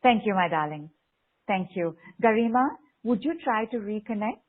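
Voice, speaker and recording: A woman guiding a group call through spoken affirmations, slow and coaxing, repeating phrases and reading out messages. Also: mid-range voice, animated. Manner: slow, repetitive, coaxing, reads out participants' messages. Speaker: spiritual teacher leading a group call. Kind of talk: guided affirmation session. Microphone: online video call. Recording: phone-like online call audio.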